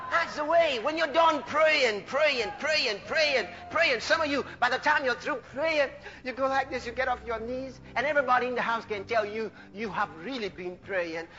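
A man preaching a sermon, animated, breaking into shouts of hallelujah and laughing between phrases. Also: very high-pitched, moderate pace, lo-fi sound, a faint crowd, slight background noise.

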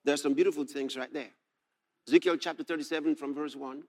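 A man preaching a sermon, moving from soft asides to shouted scripture readings and laughing as he reads. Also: on the high side, fairly even intonation, fast.

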